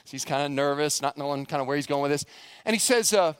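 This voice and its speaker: A male pastor preaching with a high, lively voice that rises and falls as he tells a story. He keeps putting questions to the congregation, and the sound is close and dry. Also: fast talker, clear, resonant tone, dry recording. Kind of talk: sermon.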